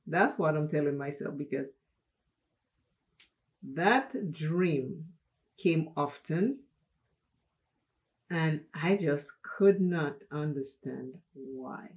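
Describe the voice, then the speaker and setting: Woman, makeup tutorial host, leisurely pace, chatty and laughing storyteller. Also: low-pitched. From Dominica. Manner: unhurried, chatty, laughs while telling stories.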